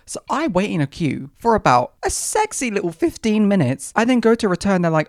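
A young man hosts a casual solo podcast, spinning dramatic, sassy stories. His voice sits fairly high for a man. The sound is close and dry, with no room around it. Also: very animated, a little fast, hardly any pauses, dry recording. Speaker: podcast host.

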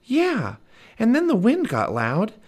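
A man voicing an excitable, bold young girl in a children's storybook reading, with a high squealing voice. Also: slow, full character voice. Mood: breathless.

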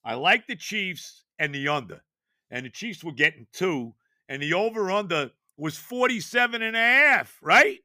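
An older man hosts a sports podcast and talks in a bright, forceful tone that sits a little high for a man. He hammers his points home with rhetorical questions. The sound is dry and close, with little room around it. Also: moderate pace, no echo. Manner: animated, emphatic rhetorical questions. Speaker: podcast host. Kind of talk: casual sports talk.

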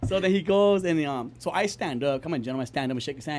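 Podcast co-host, man, quick and slightly high, swears a lot, rambles. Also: expressive, a little mellow. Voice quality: profane, rambling with many fillers. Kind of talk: casual storytelling chat.

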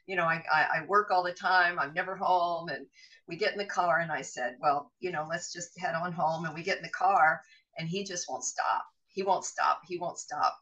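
A middle-aged woman, a podcast guest, telling a personal story in an animated way and acting out the voices of others. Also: on the low side, normal speed, far from the mic, muffled recording.

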